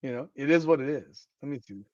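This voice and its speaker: A man hosting a live sports podcast, hoarse with a worn-out voice, talking in an excitable, profane, trash-talking way while reading the chat. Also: medium pitch, fast, no room sound, lo-fi sound. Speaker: podcast host.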